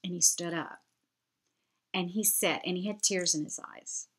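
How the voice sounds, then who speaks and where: A woman's voice: on the low side, steady tone, measured pace, husky. A woman, chatting to camera as she tells a heartfelt story. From United States. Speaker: vlogger.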